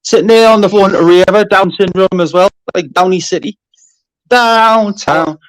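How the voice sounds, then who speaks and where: High-pitched man in crude, sweary banter. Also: moderate pace, no echo, rough recording. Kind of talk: casual live-stream chat.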